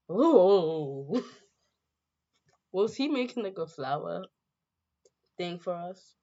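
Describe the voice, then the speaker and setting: A woman's voice: lowish voice, very animated, drawn-out words, long pauses, dark tone. A young woman playing a story game, reading it aloud and reacting in a playful, slangy way. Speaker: game streamer. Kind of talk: let's-play commentary and read-aloud. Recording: dull lo-fi sound.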